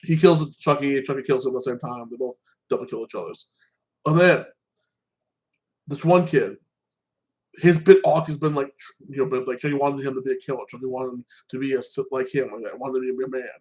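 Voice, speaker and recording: A man's voice: medium pitch, steady tone, brisk, darkish tone, rough recording. A man giving a casual, rambling recap of a TV season, swearing freely and tagging phrases with "like that". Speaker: show reviewer.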